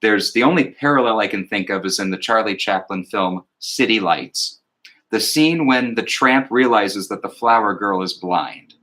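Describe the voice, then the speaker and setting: A man in casual conversation about music, reflective and thoughtful, sometimes slowing to recite lyrics in a measured cadence. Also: fairly low pitch, lively intonation, sharp tone. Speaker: podcast co-host.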